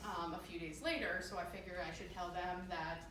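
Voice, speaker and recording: A woman's voice: fairly low pitch, steady tone, brisk, background noise. A woman telling a comedic true story live on stage, self-deprecating and laughing through it. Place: theater stage. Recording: echoey live room from far off.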